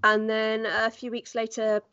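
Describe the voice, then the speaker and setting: A woman's voice: a little high, completely flat delivery, a little slow, sharp tone, smooth, no room sound, highs cut off. A woman voice actor chatting as a podcast guest, telling stories and acting out quoted voices. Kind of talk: casual podcast chat.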